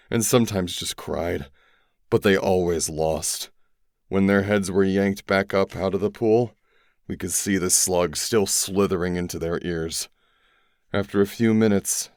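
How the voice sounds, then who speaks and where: Deep-voiced male narrator, grave and measured, dry close read. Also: darkish tone, no echo. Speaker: audiobook narrator. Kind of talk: first-person scripted narration.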